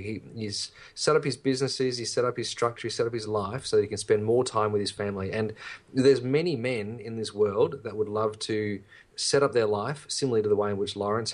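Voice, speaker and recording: A man co-hosting a podcast, talking earnestly and encouragingly to listeners and his co-host. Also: fairly low pitch. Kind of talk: casual podcast chat.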